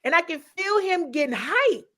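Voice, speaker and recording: A woman sports reporter chatting as a podcast guest, telling stories with lively quoted asides, in a casual style. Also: extremely high pitch, moderate pace. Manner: animated storyteller, quotes people in voices.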